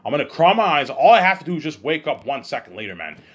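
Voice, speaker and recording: A man talking alone in a rambling monologue, repeating himself and swinging between loud outbursts and low mumbles. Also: sing-song, quick pace, husky. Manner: repetitive, keeps saying "you know what I'm saying". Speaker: host of his own listening series.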